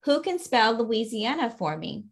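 A woman's voice: fairly high pitch, sing-song, unhurried, vocal fry, pitched above the performer's own voice, heavily acted. A woman voicing a kindly female cat schoolteacher while reading a children's picture book aloud. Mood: encouraging.

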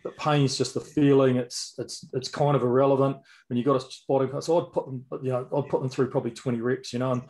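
A man's voice: medium pitch, steady tone, quick pace, darkish tone. A middle-aged man with a New Zealand accent co-hosting a podcast, telling blunt stories with stammered restarts. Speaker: podcast co-host, former personal trainer. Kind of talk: casual chat.

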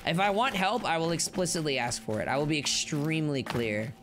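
A man streaming live gameplay commentary, excitable and playful, rambling on and chatting with his viewers. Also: fairly high pitch, fairly quick, noisy background.

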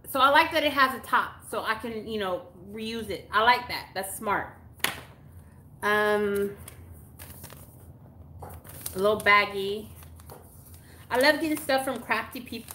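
A woman's voice: mid-range voice, measured pace, pauses often, pushed and bright, slight background noise. A woman from Texas, gushing casually as she unboxes mail on a live stream. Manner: gushing, exclamatory, chatty, with gasps and laughs. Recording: echoey room.

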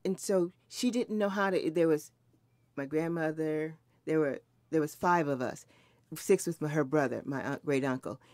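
A woman's voice: low voice, normal speed, a little mellow, no echo. A woman in her seventies, recalling her mother and grandmother in an earnest, reflective way, often restarting her sentences. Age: 70s. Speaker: interviewee. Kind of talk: recorded oral history conversation.

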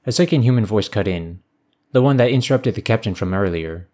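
A man narrating a science fiction story in a measured, even storytelling manner. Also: fairly low pitch.

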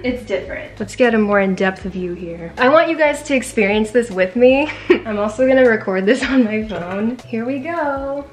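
A woman's voice: a little high, roomy sound. A young woman chatting in a casual unboxing vlog, bubbly and giggly with lots of fillers. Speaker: vlogger. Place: home room with a desk.

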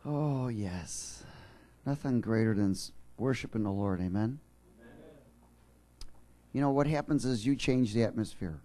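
A man preaching a sermon in church, joking with the congregation and then building to fervent, shouted passion. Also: fairly low pitch, unhurried, long pauses. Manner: jokey, rising to fervent shouting. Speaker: pastor.

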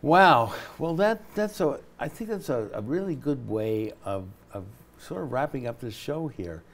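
A man's voice: medium pitch, lively intonation, a little slow. A man hosting a studio interview show, affirming his guest and steering the conversation. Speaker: host. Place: television studio.

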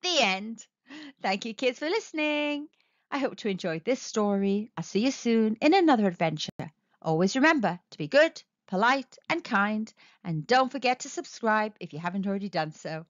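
A woman narrating a children's storybook read-aloud in an expressive, sing-song way, speaking directly to kids. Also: mid-range voice, normal speed, dry recording. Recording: dull, slightly lo-fi, dry.

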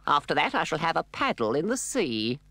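A man voicing a nasty, bossy witch woman for a storybook record, speaking in a sharp, snappy, spiteful way. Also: on the high side, very animated, brisk, dry recording, pitched above the performer's own voice, exaggerated voice.

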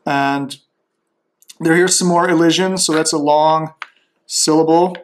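A man thinking aloud as he slowly works through a demonstration, tentative and musing, with frequent restarts. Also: on the high side, steady tone, a little hiss or hum.

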